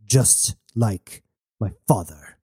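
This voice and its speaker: A brooding, hurt spaceman, played by a man in a radio drama, speaking low and quietly. His voice is warm and dark, recorded dry with no room sound. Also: very slow, breathy edge, dry recording, full character voice.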